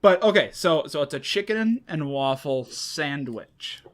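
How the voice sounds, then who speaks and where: A man's voice: on the high side, expressive, a little slow, fairly bright tone. A man co-hosting a podcast, chatting casually in dry, joking banter with frequent restarts. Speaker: podcast co-host. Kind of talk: casual chat.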